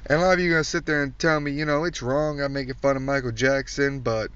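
A man's voice: mid-range voice, fairly even intonation, fast talker, a bit bright, smooth. Blunt, crude man ranting from far off. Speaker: comedian. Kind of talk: profane comedic rant. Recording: distant dull recording.

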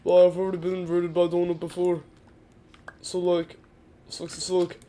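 A woman's voice: lowish voice, monotone, normal speed, dark tone, a little hiss or hum. A woman hosting a casual gaming livestream, stuffed up from a cold, talking in slangy, joking rambles. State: congested from a cold. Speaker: livestream host.

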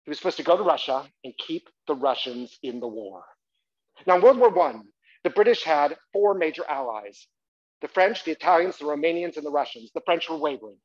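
A man telling a story on a theatre stage in a lively, chatty manner, often turning to the audience with quick asides. His voice is a little high for a man. The live recording has a slightly muffled sound. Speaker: solo stage performer and storyteller. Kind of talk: one-man stage monologue.

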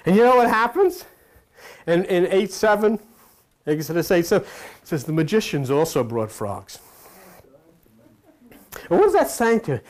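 A man preaching an informal sermon in a folksy, animated storytelling way, acting out characters and croaking like a frog. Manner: animated, folksy storytelling with sudden pitch swings; mimics frog croaks and plays out quoted characters.

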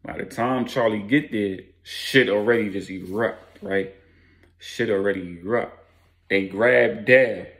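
A man telling a story casually in street slang, animated and adding sound effects. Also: on the low side, a little slow.

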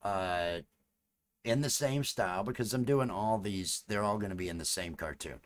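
Low-voiced man chatting on a live stream. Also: normal speed. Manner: rambling, repeats phrases, chats with viewers. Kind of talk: casual live-stream chat.

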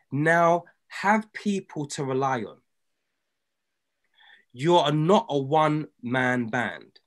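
A man leads a motivational group call with a fairly high voice. He talks in an emphatic, preachy way, swinging from loud exhortation to near-hushed intensity. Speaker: trading coach leading a group call.

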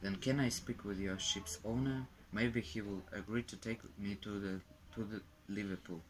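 A man reading aloud as a polite, determined English gentleman traveller, carefully and with small restarts. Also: fairly low pitch, steady tone, moderate pace, close to an everyday voice, poor audio. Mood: firm. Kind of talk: reading a graded reader aloud.

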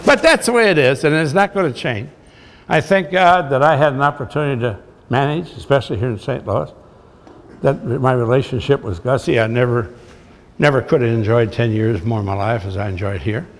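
Older guy spinning salty stories at a talk, gravelly voice, big echoey hall. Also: medium pitch, fairly quick, a little hiss or hum. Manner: folksy, blunt, salty anecdotes. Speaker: retired baseball manager giving a talk. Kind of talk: storytelling speech to an audience. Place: large hall with audience.

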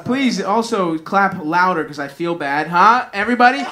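A man's voice: sits high, expressive, normal speed, a crowd in the background. A man hosting a live comedy show, trading mocking quips and hyping up the next comic in a rambling way. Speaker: podcast host and emcee. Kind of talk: live comedy podcast banter and introductions. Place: comedy club stage with live audience. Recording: live venue with audience.

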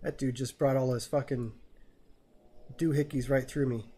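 A man's voice: medium pitch, steady tone, moderate pace, dark tone, husky. A man streaming a game live, joking crudely and swearing as he plays. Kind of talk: live gameplay commentary.

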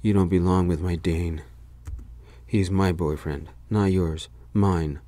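A man's voice: low-pitched, steady tone, slow, mellow, no room sound. A man voicing a drunk, pushy ex-boyfriend who belittles his ex, in whispered role-play. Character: drunk, clingy, insulting male ex-boyfriend.

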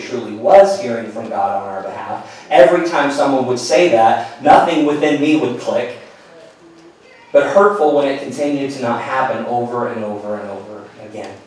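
A middle-aged pastor telling a personal story in a sermon, earnest and storytelling, often falling to a hushed voice. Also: male voice, mid-range voice. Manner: earnest storytelling, drops to a hushed voice at tender moments. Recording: echoey hall, mic at a distance.

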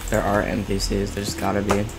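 Excitable young man streaming a game. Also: on the low side, a little fast, creaky, loud music behind the voice. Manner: excitable, swearing, exclamatory reactions. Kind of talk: casual gaming stream chatter.

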